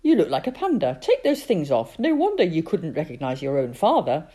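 A woman voicing a brisk, practical mother in a storybook reading, lightly scolding. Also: low voice, big pitch swings, mellow, husky, exaggerated voice.

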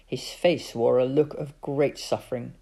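A woman reading a children's story aloud in an expressive, lively way. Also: a bass voice, a little slow, gravelly. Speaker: narrator.

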